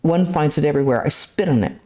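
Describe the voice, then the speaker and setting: Drunk tearful devotee man begging his master, read by a woman, low voice, mellow tone. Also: lively intonation, quick pace, slight background noise. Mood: pleading. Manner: pleading, insistent. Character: drunk, weeping devout middle-aged man.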